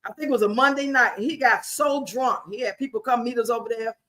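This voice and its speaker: A woman's voice: on the high side, a little fast, a bit bright. A woman, telling sassy personal stories casually to viewers in a livestream chat. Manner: sassy, laughing, talks back to viewers. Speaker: livestream host. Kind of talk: casual storytelling to a live chat.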